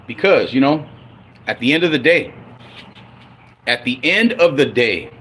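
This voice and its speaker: A man ranting on a livestream about his football team, profane and heated, swinging between loud outbursts and low grumbling. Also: very animated, a little slow, slight background noise. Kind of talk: angry unscripted livestream rant.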